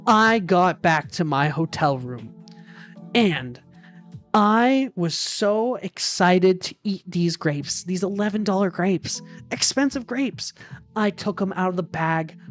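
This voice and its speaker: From a hotel room, a female streamer with a fairly low voice recounts a story during a casual chat stream. She's dramatic and exasperated, and she swears without holding back.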